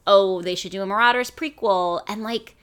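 A woman cohosting a podcast in casual chat, animated and full of fillers. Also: mid-range voice, normal speed, clear, resonant tone. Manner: animated, uses "like" a lot.

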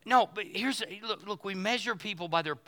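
A male pastor preaching a sermon, folksy and joking, building to shouted points. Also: sits high, moderate pace.

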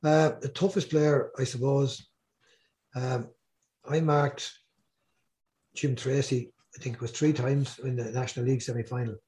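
Older irish man, mellow dark voice, rambling stories, repeats words. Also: medium pitch, steady tone, unhurried, pauses often. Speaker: guest. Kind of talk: casual podcast storytelling.

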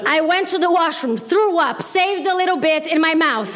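A woman from Brazil with a Brazilian accent, performing a stand-up set with slow, deadpan punchlines in front of a laughing audience. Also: very high-pitched, noisy background. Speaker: stand-up comedian. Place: live comedy stage with audience laughing. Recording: live room with crowd laughter.

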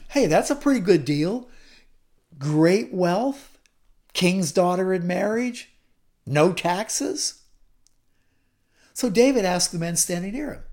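A woman's voice: lowish voice, lively intonation, unhurried, pauses often, warm tone. A woman retelling a Bible story in a chatty teaching style, with asides and repeated words.

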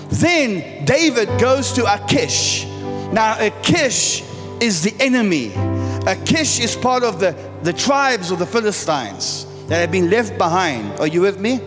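Animated preacher in a reverberant church. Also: male voice, sits high. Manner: joking and animated, quizzing the congregation. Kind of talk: sermon. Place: large church hall. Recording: church hall reverb with faint music.

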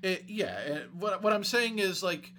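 A man co-hosting a casual anime review chat, explaining his points in a measured way with frequent restarts. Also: high voice, lively intonation, a bit bright, slight background noise. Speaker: podcast co-host.

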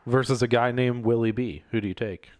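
A man's voice: medium pitch, steady tone, a little fast, darkish tone, no echo. A man hosting a podcast in casual chat, joking and laughing at himself. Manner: laughing, self-mocking banter. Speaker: podcast host.

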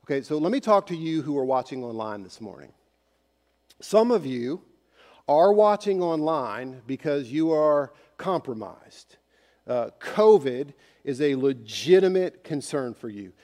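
A man's voice: a little high, dark tone, in a large hall. A man preaching a sermon as pastor, speaking conversationally and directly to his congregation in a church sanctuary.

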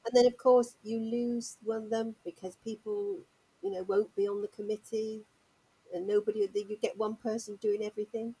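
Husky older lady from dorset, rambling chatty guest. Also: on the high side, normal speed, dark tone, low-quality recording. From Dorset, England. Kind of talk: casual radio chat.

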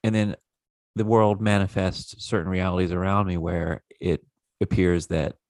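A man hosting a casual conversation, reflective and measured, repeating words as he thinks. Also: low voice, little pitch movement, a little mellow, no echo.

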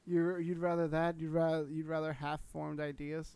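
A man's voice: on the high side, little pitch movement, normal speed, creaky, darkish tone, clean tone. A man co-hosting a casual podcast, blunt and questioning, swearing casually. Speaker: podcast co-host. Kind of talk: casual chat.

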